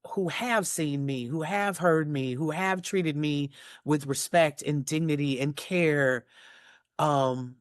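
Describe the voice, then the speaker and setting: A woman in her forties, a guest in a personal conversation, choked up and earnest, speaking haltingly with many restarts and fillers. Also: deep voice, dry recording, studio quality. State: tearful, choked up. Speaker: interview guest.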